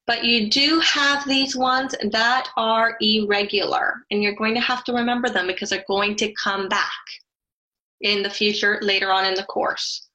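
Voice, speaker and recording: A woman's voice: medium pitch, flat delivery, moderate pace, bright, forceful tone, rough recording. A woman teaching a Spanish grammar lesson, explaining carefully and spelling out letters.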